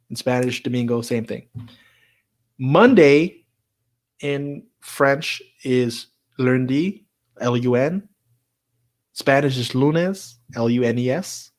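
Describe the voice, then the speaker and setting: A man hosting a live stream in a casual, chatty way, laughing often and repeating words as he talks. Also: medium pitch.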